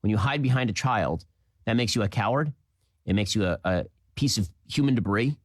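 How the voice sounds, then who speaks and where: A man hosting a political commentary show, delivering a rapid, emphatic, indignant monologue with repeated phrases. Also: on the low side, animated, dry recording.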